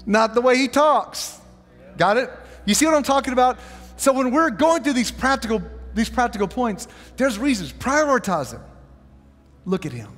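A man's voice: extremely high pitch, normal speed, long reverb tail, soft background music. A man preaching a sermon as pastor, telling a story and asking the congregation questions. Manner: animated storytelling, asks the audience questions. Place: church sanctuary.

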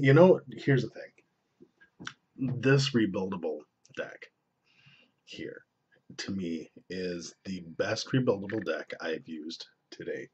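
A man's voice: low-pitched, a little mellow, breathy edge. A young man giving a casual, rambling, profane review of vaping gear at home, often breaking off mid-sentence. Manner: rambling, profane, self-interrupting. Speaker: vlogger reviewing vape gear. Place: indoors at home. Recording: dull lo-fi camera audio.

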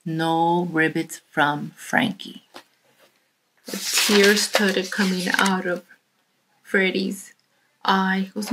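A woman's voice: fairly low pitch, steady tone, slow pace, long pauses, a bit bright, slight background noise. A woman telling a children's story in a church, speaking expressively and dropping to a whisper for suspense.

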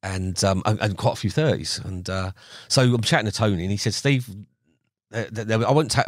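A man's voice: low voice, no echo, studio quality. A middle-aged man, a podcast guest, telling angling stories casually and acting out the other people in them with laughs. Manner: chatty, acts out quoted dialogue with laughs. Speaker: podcast guest, carp angler. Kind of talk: casual storytelling.

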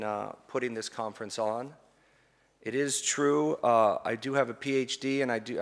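A middle-aged man, a seminary professor, giving a conference talk and telling a family story in a lively way, acting out the shouts of children and parents. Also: mid-range voice. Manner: animated, acts out children's cries and parents' shouts. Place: conference hall. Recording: long hall reverb.

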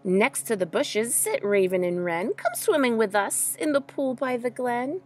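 A bright, eager young bear from a children's storybook, as a woman reading aloud puts him on, calling out question after question and then warmly welcoming a shy new friend. His voice sits high, lively and breathy, swooping up on every question. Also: unhurried.

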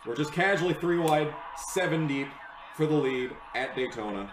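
Young man, excitable race reaction, swearing, lively pitch, echoey room. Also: normal speed, noisy background. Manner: excitable, swearing, yelling at the screen. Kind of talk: live reaction commentary.

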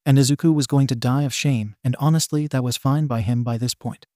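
A man reading fan fiction aloud as narrator in an even, steady way. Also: mid-range voice, brisk, no room sound, clean studio sound.

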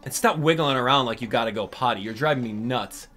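A man voicing a cranky, sarcastic male mole from a video game, reading its lines aloud in a loud, nagging voice. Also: medium pitch, fast talker, faint music behind, lightly acted. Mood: exasperated.

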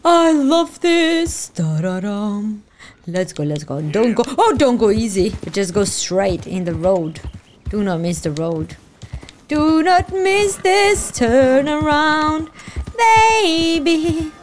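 A high-pitched woman narrates her gameplay as an excitable, playful host, her voice leaping up and down as she teases the characters on screen. Game music plays faintly behind her. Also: slow pace. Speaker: gaming video host. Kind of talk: let's-play reaction commentary.

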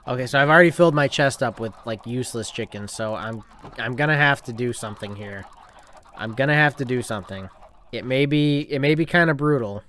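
A man narrates his own gameplay in a loose, self-talking way, counting and planning aloud. His voice sits at an ordinary middle pitch. Now and then he breaks into playful mock outrage. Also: a bit bright, dry recording. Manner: chatty, talks to himself, bursts into mock rage. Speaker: gaming channel host. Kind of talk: casual let's-play commentary.

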